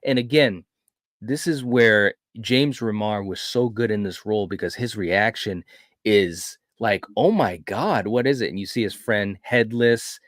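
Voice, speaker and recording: A man hosting a film review podcast, retelling a horror movie in an animated, casual way with frequent restarts. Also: lowish voice, unhurried, no room sound, studio quality. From grew up in a city. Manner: animated storyteller, frequent restarts and "you know".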